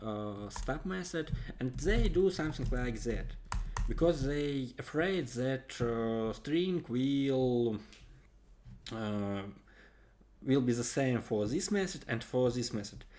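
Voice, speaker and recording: Slow, halting man explaining code. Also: medium pitch, expressive, darkish tone, slight background noise. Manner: halting, frequent hesitations while typing code. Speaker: coding tutorial host. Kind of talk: screen-recorded coding tutorial. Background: keyboard typing and clicks.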